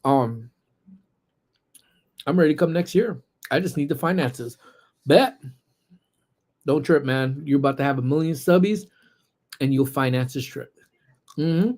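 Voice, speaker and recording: A young man hosting a casual livestream from a laptop, chatting with viewers in relaxed slang. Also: on the high side, measured pace, pauses often. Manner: laid-back, slangy, greets chat viewers. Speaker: livestream host. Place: indoors at work.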